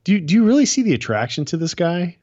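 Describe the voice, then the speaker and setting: A man's voice: high-pitched, big pitch swings, fast, a little mellow, dull audio. A middle-aged man hosting a casual chat, rambling and laughing as he recaps a show. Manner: chatty, rambling, laughs often. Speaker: podcast host.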